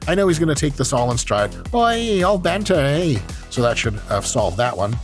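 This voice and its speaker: Guy hosting, jokey and sweary, pitch jumping all over the place. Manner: profane, joking, animated. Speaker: host, exercise science professor. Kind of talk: casual commentary on training videos.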